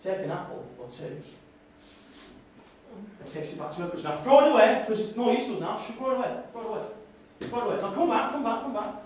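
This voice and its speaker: A man's voice: high voice, lively intonation, fast, a little mellow, a little hiss or hum. A man playing a brash, bigoted nationalist party leader, swearing and bossing audience volunteers around on stage. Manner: crude, swearing, bossy crowd-work. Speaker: comedy stage performer. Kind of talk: live character comedy with audience volunteers. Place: stage in a hall before an audience. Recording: echoey hall, voice from far off.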